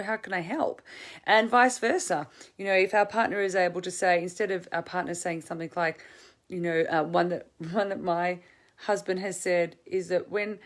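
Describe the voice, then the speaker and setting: A woman relationship coach giving advice to camera in a conversational way, thinking aloud with frequent restarts and fillers. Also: medium pitch. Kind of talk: direct-to-camera advice talk.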